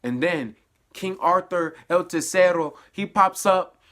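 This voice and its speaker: A man casually recapping a show episode in a spoiler review, animated and laughing, his voice dropping to low mutters and then jumping up in excited bursts. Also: a little slow. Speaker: TV review vlogger.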